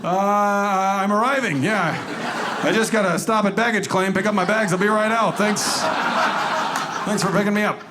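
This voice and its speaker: A man doing a stand-up comedy routine on stage, telling sarcastic, deadpan stories and acting out the people in them. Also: sits high, moderate pace, heavy background noise. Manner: deadpan, sarcastic storytelling with acted-out quotes. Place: comedy club stage before a live audience. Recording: stage recording with loud audience laughter.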